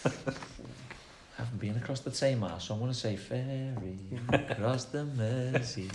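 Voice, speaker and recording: A man's voice: mid-range voice, normal speed, darkish tone, reverberant, a little hiss or hum. A man with a Liverpool accent, a football manager chatting casually as a guest, giving rambling answers. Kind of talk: casual interview chat.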